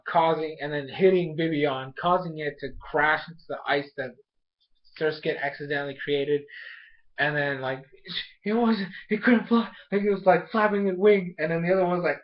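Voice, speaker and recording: A young man with a slightly high voice rambles excitedly through an episode recap, full of ums, likes and false starts. The recording sounds dull and lo-fi. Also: moderate pace. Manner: rambling and excitable, lots of fillers and restarts. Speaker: anime episode reviewer. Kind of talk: casual recap and review.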